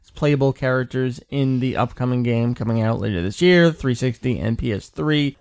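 A man co-hosting a casual fan podcast, running through news with brisk, eager energy. His voice sits at an ordinary middle pitch, and he talks like a longtime enthusiast. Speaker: podcast co-host.

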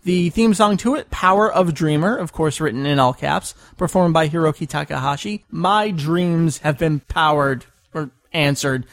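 A man with a fairly high-pitched voice hosts a casual podcast chat. He explains points patiently and spells them out step by step. His voice sounds dry and close, with no room around it. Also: moderate pace, few pauses, fairly bright tone, no echo. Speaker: podcast host.

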